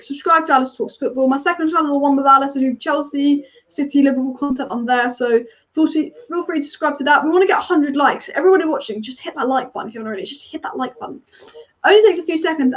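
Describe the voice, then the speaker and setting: Through lo-fi audio comes a high female voice belonging to a football fan channel host. During her live watch-along stream she talks quickly and opinionatedly, responding to the match and to viewer comments.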